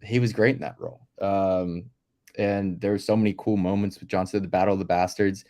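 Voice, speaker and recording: A man in casual movie-podcast chat, enthusiastic and quick to laugh. His voice sits fairly low, and he often stalls on fillers before getting his point out. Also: fairly even intonation, a little mellow. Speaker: podcast co-host.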